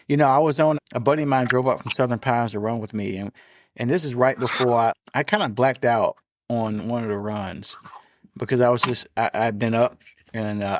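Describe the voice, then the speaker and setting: A man, a military officer appearing as a guest, talks things through in a reflective, thinking-aloud way. His voice is middle-pitched and recorded dry and close. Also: dry recording. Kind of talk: casual conversation.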